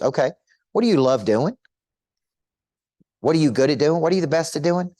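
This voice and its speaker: A man's voice: mid-range voice, animated, normal speed, pauses often, darkish tone, dry recording, studio quality. A middle-aged man coaching an audience in a motivational teaching talk, emphatic and repetitive, firing rhetorical questions at listeners.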